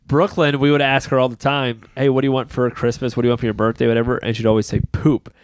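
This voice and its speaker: A man's voice: medium pitch, rapid-fire, smooth, dry recording. A man in his thirties, a podcast co-host, telling stories about his daughters with a lot of laughter. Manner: laughing, animated storytelling. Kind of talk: casual chat.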